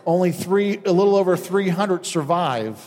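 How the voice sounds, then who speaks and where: High-voiced preacher in a reverberant hall. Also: male voice, animated, normal speed, a little mellow. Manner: preaching with quoted asides and acted-out voices. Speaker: pastor. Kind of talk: sermon.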